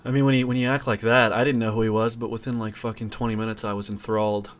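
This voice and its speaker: A man in casual conversation, talking bluntly in quick bursts and swearing freely. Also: lowish voice, level tone. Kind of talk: casual chat.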